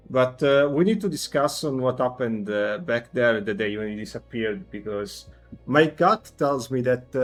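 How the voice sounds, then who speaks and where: A man voicing a wary leader who confides his suspicions slowly in a low voice. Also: lightly acted.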